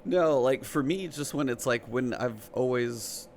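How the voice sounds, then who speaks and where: A man's voice: mid-range voice, measured pace, slight background noise. A man co-hosting a gaming podcast who asks rambling questions and laughs easily. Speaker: podcast co-host. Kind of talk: casual podcast interview.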